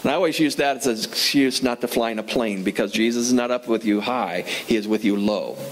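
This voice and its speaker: A male pastor delivers a sermon in an easygoing, conversational way, pitched at an ordinary middle range. He keeps asking the congregation questions and repeats key phrases to drive them home. A faint hiss sits under his voice. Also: brisk, poor audio. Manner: conversational, asks the audience questions.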